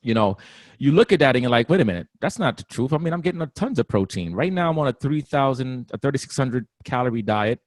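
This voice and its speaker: A man talking casually as a guest trainer, animated and often laughing, acting out other people's voices. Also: mid-range voice, fast, no echo. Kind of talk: casual interview talk.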